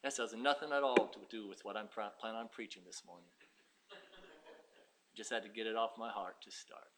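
A man's voice: fairly low pitch, fairly even intonation, fairly quick, very noisy. A man preaching a sermon as pastor, emphatic and repeating his points.

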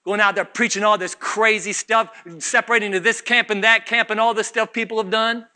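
Man, pastor, fiery sermon, high voice, piercing tone. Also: flat delivery, a little fast, clear, resonant tone. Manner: fiery preaching, swinging from low mutters to shouts.

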